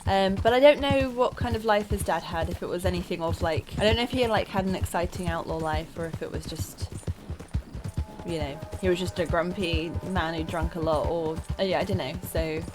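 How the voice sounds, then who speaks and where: A woman's voice: fairly low pitch, fairly quick. Chatty woman doing gameplay commentary. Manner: chatty and rambling, thinking aloud. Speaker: let's play gamer. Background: game music and horse hooves.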